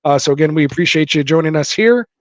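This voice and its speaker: On a dull, dry lo-fi mic, a man with a slightly high, animated voice talks fast while running a live fantasy football stream. He chats loosely with viewers, reads their comments out, and uses lots of fillers, with no room sound.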